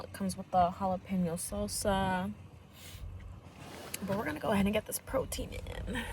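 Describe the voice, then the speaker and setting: A woman's voice: mid-range voice, noisy background. A woman vlogging as a stay-at-home mom, chatting casually, preaching a little and venting, from a parked truck. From Latina, US. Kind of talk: casual vlog chat.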